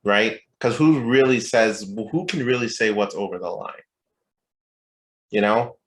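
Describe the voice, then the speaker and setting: A young man with a fairly low voice co-hosts a podcast in loose, casual chat. He jokes, swears freely, and rambles from one point to the next. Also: animated, a little slow. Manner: joking, profane, rambling. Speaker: podcast co-host.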